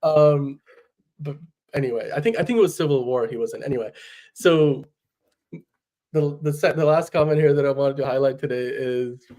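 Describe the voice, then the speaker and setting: A man's voice: on the high side, moderate pace, pauses often, mellow. Laid-back man co-hosting a fan chat. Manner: laid-back, chuckling, lots of fillers. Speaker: co-host of a daily fan news show. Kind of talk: casual podcast chat.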